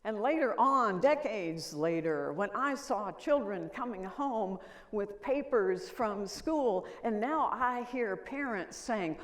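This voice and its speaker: This older woman's keynote comes through in a reverberant hall: medium pitch, animated delivery, slow pace. She alternates between storytelling and asking the audience questions.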